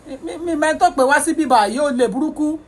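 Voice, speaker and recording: A woman's voice: sits high, fast talker. A woman with a Nigerian Yoruba-English accent, hosting a heated livestream rant, scolding her viewers and switching between English and Yoruba. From born in England. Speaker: livestream host.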